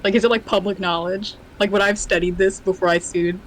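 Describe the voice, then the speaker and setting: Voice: mid-range voice, steady tone, a little hiss or hum, poor audio. A casual tabletop player who asks the game master a string of questions. The speech is loose and full of fillers, tumbling from one question to the next. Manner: quick questions, filler-heavy.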